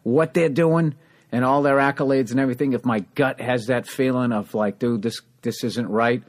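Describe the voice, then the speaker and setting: A man's voice: medium pitch, fairly even intonation, normal speed. Chatty, candid podcast host man. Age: around 50. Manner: candid, chatty, swears casually. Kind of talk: casual interview chat.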